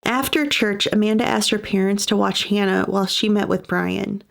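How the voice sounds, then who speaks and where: A woman's voice: medium pitch, steady tone, normal speed, gravelly. A woman hosting a podcast, reading scripted true-crime narration with sympathetic personal asides. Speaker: podcast host.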